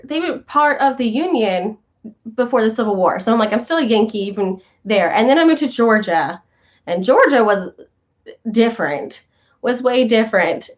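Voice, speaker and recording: A young woman hosting a casual talk show, chatting to viewers and telling animated stories with quoted voices. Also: a little high. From northern United States. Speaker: show host. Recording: slightly dull lo-fi sound.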